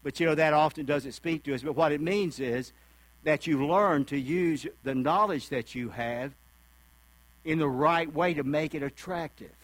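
A folksy preacher with a fairly high male voice gives a sermon at a normal pace, speaking conversationally and slipping into the voices of people he quotes. The low-quality recording is dry and close, with a faint mains hum beneath it.

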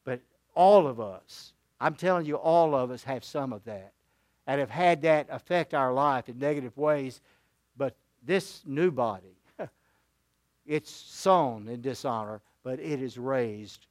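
An older man preaching a sermon as a pastor, telling a story earnestly, rising to emphatic points and dropping to a hushed voice. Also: fairly high pitch, no echo, studio quality.

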